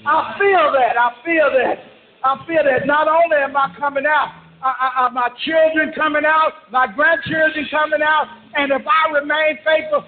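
A man preaching a fervent sermon, repeating phrases and shouting, heard over a conference call. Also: very high-pitched, slight background noise. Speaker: pastor. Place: church service. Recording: echoey, tinny conference-call line.

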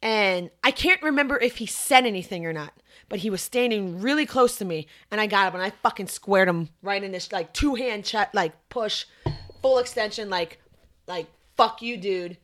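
A young woman co-hosting a podcast, telling a story in casual chat, animated and profane. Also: mid-range voice, moderate pace. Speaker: podcast co-host.

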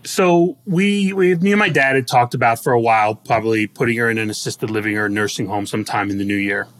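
A middle-aged man co-hosts a casual podcast, telling stories in a plain, mid-pitched voice. He jokes his way through hard news and laughs often. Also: a little fast, fairly bright tone. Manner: joking, self-deprecating storyteller who laughs often. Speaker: podcast co-host. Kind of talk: casual chat.

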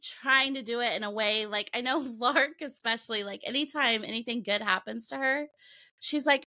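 A woman's voice: a little high, normal speed, sharp tone. A woman with a light Southern American accent co-hosting a podcast, chatting casually, teasing and laughing often. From United States. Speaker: podcast co-host.

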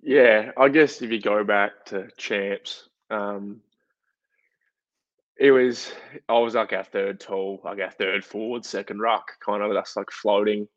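A young Australian man, a guest footballer, telling a story in a chatty, animated way full of fillers. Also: fairly low pitch, slow pace, no echo. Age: young adult. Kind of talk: casual interview storytelling. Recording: dull, dry lo-fi podcast audio.

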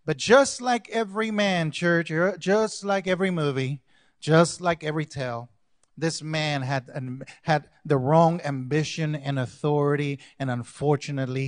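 A man, a pastor, preaching a sermon to his congregation, going from quiet asides to loud calls and acting out quoted lines. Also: on the high side, fairly even intonation, unhurried, no room sound. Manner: acts out characters' lines in quoted voices.

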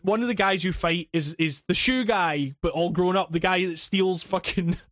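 A man's voice: high voice, normal speed, a bit bright, dry recording, studio quality. A man on a podcast, ranting casually with lots of swearing, fillers and restarts. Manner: rambling, profane, many restarts and fillers. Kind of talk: casual chat.

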